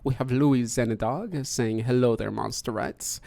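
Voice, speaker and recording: A man's voice: mid-range voice, measured pace, gravelly, warm tone, no echo. A man hosting a podcast, chatting casually and greeting each guest in turn. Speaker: podcast host. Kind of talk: casual hosted chat.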